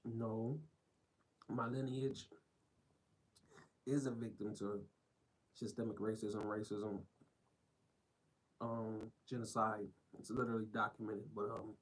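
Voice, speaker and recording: A man's voice: mid-range voice, steady tone, a little slow, long pauses, a little mellow, rough recording. Blunt rambling male streamer. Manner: blunt, rambling, repeats himself. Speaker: live streamer. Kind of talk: reacting to clips on a live stream.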